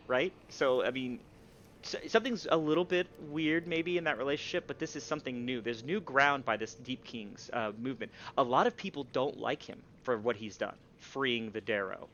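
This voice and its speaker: A man narrating as game master for a tabletop game, talking in a halting way with many fillers. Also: medium pitch, a bit bright, dull audio, slight background noise.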